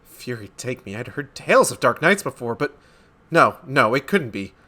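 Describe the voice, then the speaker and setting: A man voicing a wary soldier who speaks in a hushed, muttering way. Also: medium pitch, sing-song, normal speed. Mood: uneasy.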